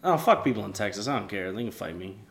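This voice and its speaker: A young man from New Hampshire co-hosts a podcast in a lowish voice with lively intonation, talking fast over crowd noise. He curses constantly and rambles through casual chat, stammering through repeated restarts.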